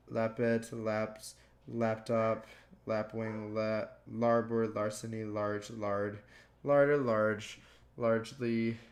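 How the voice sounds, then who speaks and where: A man slowly reading dictionary words aloud one by one, stumbling and restarting now and then. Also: lowish voice. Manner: slow, plodding word-by-word reading with stumbles. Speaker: gaming youtuber.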